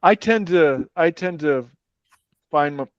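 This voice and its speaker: A man's voice: a little high, expressive, slow, dry recording. Easygoing male player, dull lo-fi sound. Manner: easygoing, asks questions in character. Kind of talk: tabletop game chat.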